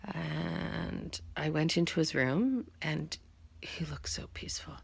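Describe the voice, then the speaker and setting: Gravelly, husky woman telling a story. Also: low-pitched, takes it slowly, no room sound. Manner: often drops to a hushed whisper at tender moments; acts out quoted dialogue in her telling. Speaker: vlogger. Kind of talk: casual storytelling.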